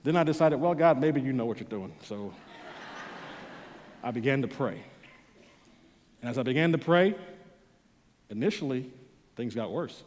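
A man preaching a sermon, telling a personal story and moving between loud, pleading bursts and quiet, intense passages. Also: mid-range voice, expressive, moderate pace, long pauses, a little hiss or hum. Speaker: pastor. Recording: long hall reverb.

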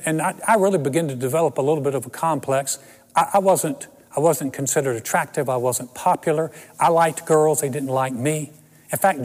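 A man's voice: a little high, darkish tone. Older male pastor in a reverberant hall. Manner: storytelling with self-deprecating humor. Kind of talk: sermon.

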